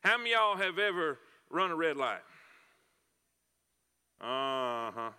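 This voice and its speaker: A man's voice: a little high, sing-song, a little slow, pushed and bright, clear, resonant tone. A man preaching a sermon, telling folksy stories with repeated words and fillers. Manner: folksy storytelling with repetitions and fillers. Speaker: pastor. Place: church sanctuary. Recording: long hall reverb.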